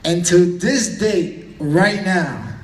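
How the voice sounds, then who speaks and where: A man's voice: sits high, expressive, very slow. A man coaching on stage, hyping up the crowd at a live event. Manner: hyped, loud crowd-pumping emcee. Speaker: fitness coach presenting on stage. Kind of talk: live motivational stage introduction. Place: large event hall with an audience. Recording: roomy hall, mic at a distance, crowd behind.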